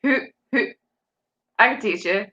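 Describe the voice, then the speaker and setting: A woman co-hosting a casual chat, playful and quick to laugh. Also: mid-range voice, bright, forceful tone. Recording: dull lo-fi sound.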